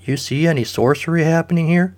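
A man's voice: fairly high pitch, a little fast, darkish tone, pitched above the performer's own voice, natural voice. A man voicing a crude, brash male pest catcher in a comic story. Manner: brash, swaggering.

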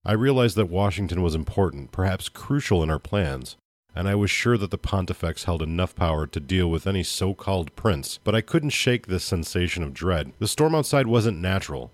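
Low-voiced man narrating a dark story. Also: expressive, a little fast, no room sound. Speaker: podcast host. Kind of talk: dramatic story reading.

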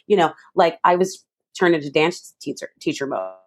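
A young woman tells an animated anecdote as a guest in a casual interview. Her voice sits a little low, but it leaps high whenever she mimics someone else. She talks with expressive, playful energy. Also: a little fast, slight background noise. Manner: lively, mimics voices with big pitch jumps. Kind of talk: animated storytelling.

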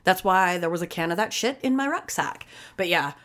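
A woman's voice: on the low side, lively intonation, fairly quick, fairly bright tone. A woman co-hosting a casual chat, telling a story in a blunt, emphatic, profanity-laced way. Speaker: podcast co-host.

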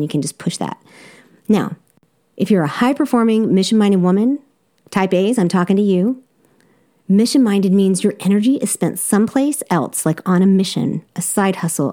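A woman's voice: mid-range voice, warm tone. A woman with a Southern accent, a life coach hosting a podcast, talking directly and encouragingly to her listeners with easy laughs. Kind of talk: solo podcast coaching talk.

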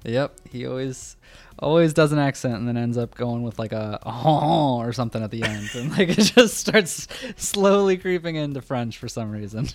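A man's voice: mid-range voice, moderate pace. A man co-hosting a podcast, chatting in a laid-back way with lots of fillers and laughs. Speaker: podcast co-host. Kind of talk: casual chat.

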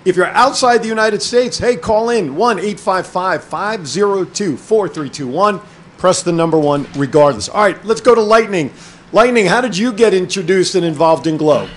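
A man hosting a call-in talk show, joking with his guests and reading out phone numbers slowly. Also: sits high, lively intonation, a little hiss or hum. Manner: jokey, brisk, reads numbers out slowly. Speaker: host.

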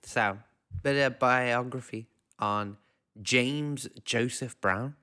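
A man's voice: medium pitch, slow, bright, forceful tone, smooth. A man co-hosting a podcast in casual chat, dry and joking, laughing often. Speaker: podcast co-host.

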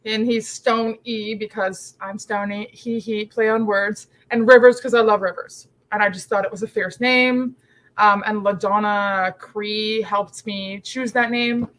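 A woman guest on a podcast, chatting casually and animatedly, quick to laugh and exclaim. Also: mid-range voice, steady tone, fairly bright tone, low-quality recording. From Canada. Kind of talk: casual chat.

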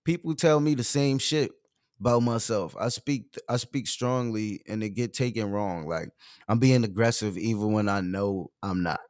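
A man hosting his own live stream, talking in an animated, loud and expressive way with casual slang and lots of fillers. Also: on the low side, moderate pace.

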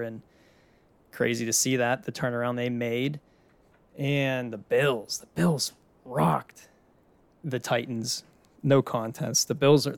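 A man's voice: mid-range voice, vocal fry. A young man from the Pittsburgh area, hosting a casual solo podcast, talking in a loose, chatty way with casual swearing. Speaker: podcast host.

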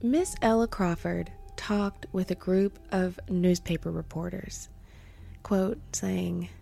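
A woman's voice: lowish voice, fairly even intonation, slow, creaky, dark tone, soft background music. A woman hosting a podcast, narrating a true-crime story from a script with wry asides. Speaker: podcast host.

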